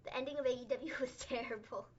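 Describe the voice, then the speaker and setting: A woman co-hosting a casual livestream recap, chatty and excitable, peppering her talk with "like". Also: high-pitched, fast, muffled recording. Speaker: co-host.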